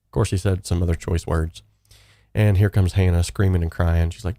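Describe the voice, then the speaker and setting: A young male host with a deep, mellow voice rambles through a casual live stream from his home studio, full of fillers and restarts. His intonation stays fairly even and his pace moderate, and the sound is dry and close with no room around it.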